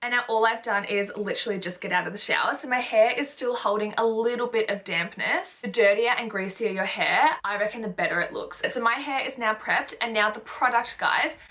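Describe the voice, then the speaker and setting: A woman's voice: fairly high pitch, fairly quick, few pauses, fairly bright tone. A young woman chatting through a beauty tutorial, bubbly and emphatic, with lots of repeated words for stress. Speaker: beauty vlogger. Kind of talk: casual makeup tutorial talk.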